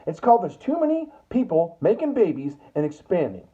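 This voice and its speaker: A man's voice: sits high, big pitch swings, a little fast, slightly rough. A man delivering a profane, heated political rant full of stammering restarts. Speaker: political commentator. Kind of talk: ranting monologue. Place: US Northwest. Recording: tinny phone-like sound.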